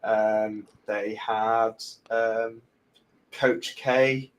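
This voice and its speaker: A man hosting a podcast, telling anecdotes in a relaxed way with frequent fillers. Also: fairly low pitch, very slow, muffled recording. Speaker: podcast host. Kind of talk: casual podcast chat.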